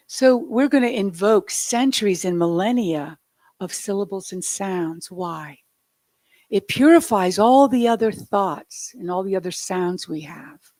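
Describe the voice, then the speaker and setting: A woman speaker giving a meditative sermon, soft and reflective, with light joking asides. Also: mid-range voice, dry recording. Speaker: spiritual speaker.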